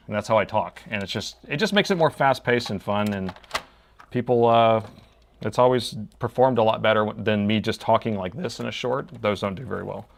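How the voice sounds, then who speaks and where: A man's voice: on the low side, fairly quick, gravelly. A man chatting casually with his live-stream viewers while he repairs a laptop, talking to himself as he works.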